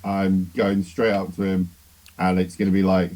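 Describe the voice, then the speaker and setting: A man's voice: low voice, level tone, normal speed, darkish tone, poor audio. A man playing a tabletop game, describing his character's actions hesitantly with lots of fillers. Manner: hesitant, lots of ums and sort ofs. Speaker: player. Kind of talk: casual tabletop play.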